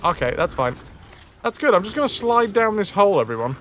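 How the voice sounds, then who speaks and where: Excitable young man streaming a game. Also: high-pitched, brisk, a little hiss or hum. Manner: excitable, swears, jokey asides to chat. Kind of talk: live gameplay commentary.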